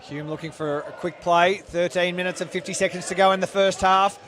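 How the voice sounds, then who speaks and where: A man co-commentates a live futsal match in a casual, bantering way. His voice sits fairly high, and he chats and laughs easily between calls of the play. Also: steady tone, brisk, noisy background. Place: indoor futsal stadium.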